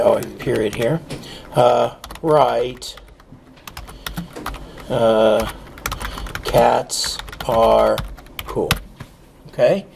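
Slow, gravelly man teaching code. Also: a little high, a little hiss or hum. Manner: relaxed, thinking aloud with fillers and "okay?" checks. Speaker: programming instructor. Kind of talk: screen-recorded coding lecture.

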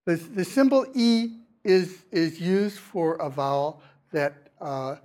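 Halting male lecturer in class. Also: fairly high pitch. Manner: halting, many restarts and fillers, clears throat. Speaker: university lecturer. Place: lecture hall.

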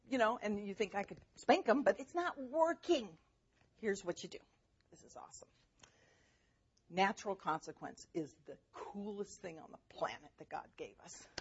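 A woman speaking as a mother giving faith-based parenting advice, animated and chatty, laughing often as she talks. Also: medium pitch, breathy edge, dull audio.

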